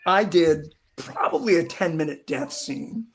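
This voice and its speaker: A middle-aged actor telling stories in a casual interview, rambling and acting out quoted lines in different voices. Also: male voice, on the high side, a little slow, slight background noise. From Southern California. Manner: rambling, animated, acts out quotes. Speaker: actor guest.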